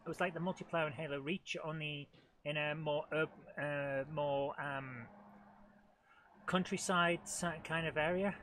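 A man's voice: fairly high pitch, fairly even intonation, measured pace, fairly bright tone, a little hiss or hum. A middle-aged man hosting a live let's-play, chatting and joking at his own expense. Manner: chatty, self-deprecating, talks to the game. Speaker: host of a retro gaming channel.

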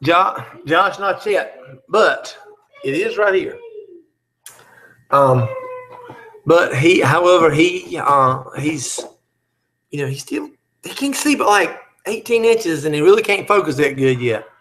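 Bright-voiced joking man. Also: on the high side, animated, takes it slowly, long pauses. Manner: joking, teasing. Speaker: live chat host. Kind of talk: casual chat reading viewer comments.

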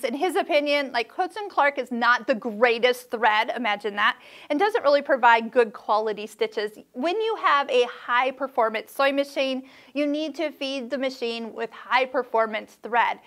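Chatty middle-aged woman host with a high voice, casual sewing-tips vlog delivery, reassuring and playful. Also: fairly bright tone.

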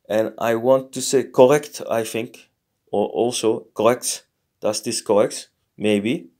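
A man teaching a casual lesson, thinking aloud in a halting way and sounding out foreign words slowly. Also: on the low side, dark tone. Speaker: language learner teaching a lesson. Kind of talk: casual screen-recorded lesson.

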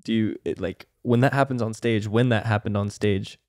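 A man's voice: lowish voice, fairly even intonation, normal speed, a little mellow, no room sound, studio quality. A man hosting a casual podcast, chatty and friendly in his questions. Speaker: podcast host.

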